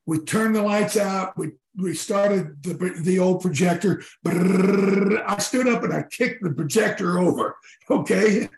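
A man in his sixties, a former football player telling stories in a casual interview, animated, swearing and acting out his teammates' lines. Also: sits high, unhurried, vocal fry, echoey room, low-quality recording. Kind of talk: storytelling in casual conversation.

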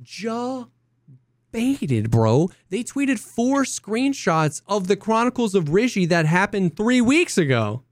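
A young man co-hosting a casual podcast, an excitable storyteller who acts out quotes in high voices. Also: measured pace, hardly any pauses, no echo, studio quality. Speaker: podcast co-host. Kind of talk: casual chat.

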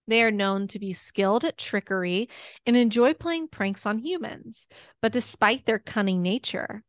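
A young woman co-hosting a podcast, chatting playfully and reading out her research notes in an even narrating tone. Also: medium pitch, no echo, studio quality. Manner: playful, laughs often, reads facts in an even narrating tone. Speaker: podcast co-host.

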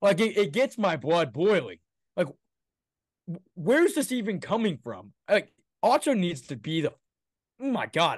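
A man's voice: fairly high pitch, sing-song, normal speed, dry recording, studio quality. A young man co-hosting a casual sports podcast, ranting heatedly and swearing freely. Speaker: podcast co-host.

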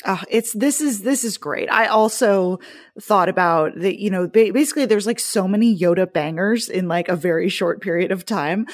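A woman's voice: mid-range voice, normal speed, no room sound, clean studio sound. A woman guesting on a podcast, gushing and chatty with many fillers. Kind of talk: casual podcast chat.

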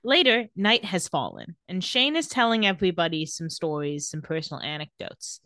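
In dry, studio-quality audio, a woman speaks in a lowish voice that swings widely in pitch and sounds pushed and bright. As a podcast co-host recapping a TV episode, she chats casually, laughs easily, and playfully performs the characters' quotes.

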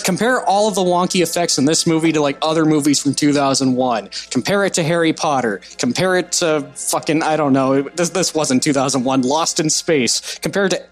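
Excitable man gushing on a podcast. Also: a little high. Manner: excited, profane, heavy use of "like". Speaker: podcast co-host reviewing a film. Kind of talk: casual podcast chat.

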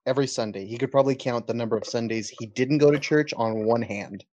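A man's voice: mid-range voice, quick pace, darkish tone, no room sound, dull audio. A man in his twenties, a podcast guest, chatting casually and joking flirtatiously with the hosts. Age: 20s. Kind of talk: casual chat.

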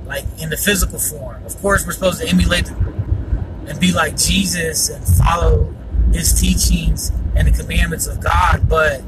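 A man's voice: on the high side, little pitch movement, unhurried, recorded from a distance. A man hosting a personal faith podcast, talking earnestly and rambling with many fillers and yawns. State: yawning often. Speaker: podcast host. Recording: noisy, voice from off the mic.

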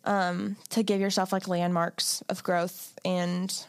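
A young woman co-hosting a podcast in casual chat, reflective and gently advising, with lots of filler words. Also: lowish voice, little pitch movement, slow pace, smooth, dry recording, clean studio sound. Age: young adult. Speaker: podcast co-host.

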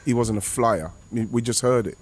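A former footballer, telling a rambling, excitable anecdote over a remote call. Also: male voice, mid-range voice, moderate pace. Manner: rambling, excitable, many restarts and fillers. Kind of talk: casual anecdote on a podcast.

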